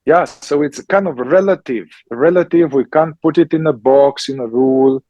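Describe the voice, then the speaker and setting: A man, a therapist and teacher answering questions in a slow, emphatic conversational way, often checking in with "yeah?". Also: a little high, dark tone, no room sound, muffled recording. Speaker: somatic psychotherapist and teacher.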